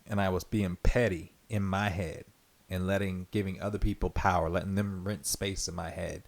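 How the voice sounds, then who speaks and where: With a low, creaky voice and fairly even intonation, this podcast host talks at a moderate pace. Alone on his show, he muses earnestly and reflectively, rambling through lots of fillers and restarts.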